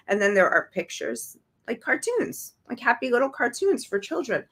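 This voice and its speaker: A woman's voice: on the high side, very animated, normal speed, fairly bright tone. A woman hosting a livestream show, talking in an indignant, sarcastic way to her viewers. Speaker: show host. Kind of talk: livestream commentary.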